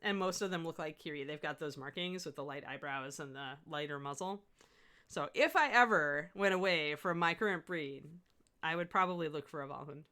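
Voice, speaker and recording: A woman's voice: deep voice, brisk, bright, forceful tone. A middle-aged woman giving a live miniature painting demo, chatting and laughing with her viewers as she works. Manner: chatty, rambling, laughs often.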